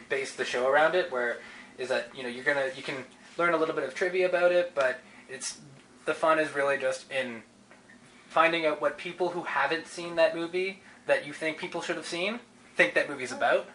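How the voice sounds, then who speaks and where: A man's voice: a little high, brisk, pushed and bright, a little hiss or hum, low-quality recording. A man, a podcast guest explaining his show in loose, rambling talk full of fillers and restarts. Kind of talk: casual interview chat.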